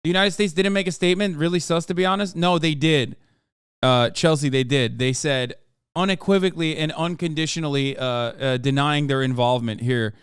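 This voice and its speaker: A male streamer talks politics in a blunt, argumentative way, swearing freely as he answers his chat. His voice sits a little high and comes through smooth and resonant. The sound is close and dry. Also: a little fast, dry recording. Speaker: livestreamer. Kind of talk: casual political commentary to chat.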